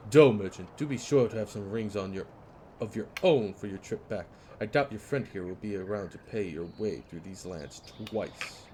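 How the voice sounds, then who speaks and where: A man's voice: lowish voice, normal speed, dark tone, slight background noise, close to an everyday voice. A man voicing a smug, falsely polite male toll guard, reading game dialogue aloud with sly courtesy. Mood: mocking.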